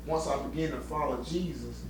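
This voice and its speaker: Middle-aged man sharing his testimony, stumbling and repeating, recorded far off in a very roomy space. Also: fairly high pitch. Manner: halting, repeats words, heartfelt. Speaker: interviewee giving testimony. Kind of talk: personal testimony interview. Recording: echoey room, distant mic, faint noise.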